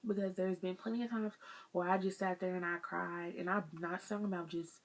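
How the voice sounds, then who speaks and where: A woman's voice: lowish voice, steady tone, fairly quick. A young woman, talking through life lessons to her viewers in a casual, earnest vlog and calling them y'all. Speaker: vlogger sharing life lessons.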